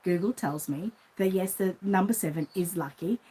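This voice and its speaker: Speaking at a normal pace in a lowish, mellow, slightly rough voice, a middle-aged Australian woman recounts a rambling everyday story on her casual vlog. She runs a reborn doll shop and chats away, acting out the voices in her anecdotes. Audio quality is poor.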